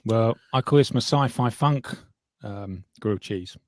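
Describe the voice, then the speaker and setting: A man's voice: lowish voice, measured pace, a little mellow, no echo, clean studio sound. A man with an English accent, a guest on a casual livestream, polite and self-deprecating, chuckling often. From England.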